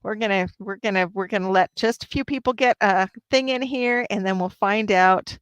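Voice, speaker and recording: A woman's voice: mid-range voice, normal speed, smooth, dry recording. A woman hosting a livestream, chatting casually and upbeat with her viewers. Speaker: livestream host.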